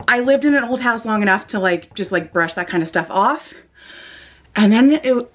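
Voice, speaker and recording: A young woman vlogging a storytime, animated and rattled, swearing freely and filling her talk with "like" and "um". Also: medium pitch. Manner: animated, swearing, lots of fillers. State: shaken. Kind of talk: casual storytime vlog.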